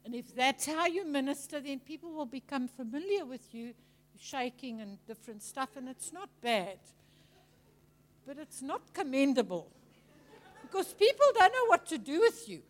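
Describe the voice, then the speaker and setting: A woman preaching to a congregation, chatty and animated, telling stories and mimicking people. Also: sits high, normal speed. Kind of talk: teaching sermon.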